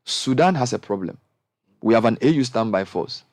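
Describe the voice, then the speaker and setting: Impassioned Ghanaian man, lively pitch. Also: normal speed, dry recording, studio quality. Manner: impassioned, animated, rising to high exclamations. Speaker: radio show host. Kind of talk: panel discussion.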